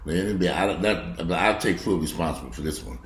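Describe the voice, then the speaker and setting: A man in a profane, angry rant. He curses bluntly and mocks people, swinging between low grumbling and loud outbursts. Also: fast talker. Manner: blunt, heavy cursing, mocking. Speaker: video blogger. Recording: echoey room.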